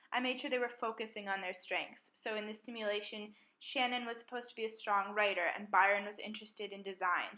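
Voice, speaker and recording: A young woman, a student mediator, calmly talking through a self-reflection on a mediation exercise in a measured, methodical way. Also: a little high, low-quality recording.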